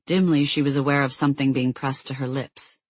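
Husky-voiced audiobook narrator. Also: mid-range voice, no room sound. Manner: measured, steady storytelling.

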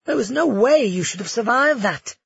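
A man's voice: extremely high pitch, expressive, moderate pace, gravelly, fairly bright tone, slightly rough, no echo, highs cut off, pitched above the performer's own voice, heavily acted. A man voicing a sly, vengeful male nobleman villain in an audiobook, taunting and cold.

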